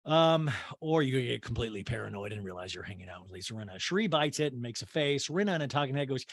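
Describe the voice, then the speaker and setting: A man from Kansas hosting a podcast, giving an animated, gossipy and crude comedic recap of a reality show. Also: mid-range voice, quick pace, few pauses, no echo, clean studio sound. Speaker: podcast host.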